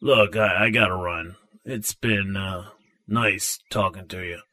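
A grumpy, sarcastic robot from a cartoon, voiced by a man, with a very deep, slow drawl. He hedges and grumbles through grudging apologies. His tone has a bright, hard edge. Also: fairly even intonation. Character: gruff grumpy male robot G D.

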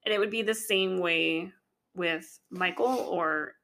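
Bright-toned, chatty young woman. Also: fairly low pitch, a little slow, creaky. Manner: frank and chatty, laughs often, quotes herself. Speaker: co-host. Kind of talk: casual chat.

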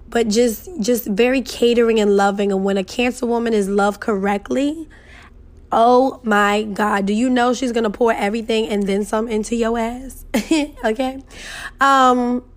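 A young woman chatting casually to camera in a sassy, emphatic, profane way, laughing often. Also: on the high side. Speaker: vlogger.

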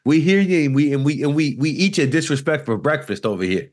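A brash, mocking New York sports fan , as a man in his thirties puts him on, pushes his voice well up and talks loud. The fake New York accent comes across as swaggering and taunting. He sounds mock-boastful rather than angry. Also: on the high side, animated, a little fast, natural voice. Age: 30s.

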